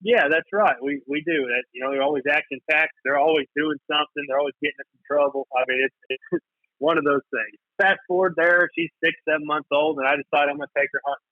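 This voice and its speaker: A man's voice: a little high, fairly even intonation, fast, no echo. A man telling a dog story in a chatty, amused way. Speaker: guest. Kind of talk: casual storytelling. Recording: tinny phone-line sound.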